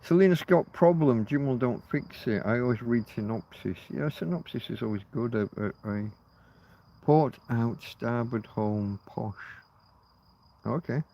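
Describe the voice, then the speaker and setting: A middle-aged man rambles through an unstructured livestream, thinking out loud and dropping the odd curse. His pitch sits in the middle of the male range. He is outdoors at night. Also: a little slow, creaky. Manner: rambling, muses aloud and swears casually. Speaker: livestream host. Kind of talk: rambling casual livestream chat.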